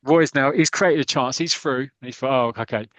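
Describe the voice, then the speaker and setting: A man's voice: mid-range voice, steady tone, normal speed, a bit bright, dry recording. A man hosting a podcast, casually retelling a comic story in a rambling, chatty way. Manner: rambling, many fillers and restarts, chatty. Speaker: podcast host.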